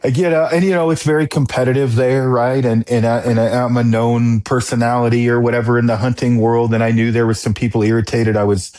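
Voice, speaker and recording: A man's voice: mid-range voice, brisk, few pauses. A man hosting a podcast who tells a story in casual talk, swearing often and getting worked up. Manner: excitable, profane storyteller. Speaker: podcast host. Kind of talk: casual chat.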